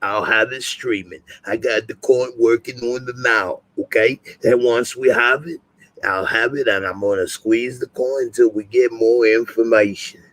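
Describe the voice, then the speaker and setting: A man's voice: fairly even intonation, moderate pace, fairly bright tone, no room sound, close to an everyday voice, low-quality recording. A man doing Billy Butcher, foul-mouthed and menacing. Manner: bullying, profane, low and clipped. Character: menacing, foul-mouthed British male vigilante.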